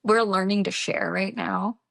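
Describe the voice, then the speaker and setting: Creaky-voiced young mom chatting. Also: female voice, mid-range voice, steady tone, unhurried, fairly bright tone, no room sound, clean studio sound. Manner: chatty, laughs while telling stories. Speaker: podcast co-host. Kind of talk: casual chat.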